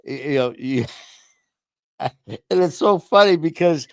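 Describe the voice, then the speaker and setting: A man with a slightly raised voice talks in a halting way, restarting his sentences and throwing in sarcastic remarks. The sound is dry and close. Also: fairly high pitch, lively intonation, clean tone, no room sound. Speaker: show host. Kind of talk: casual chat.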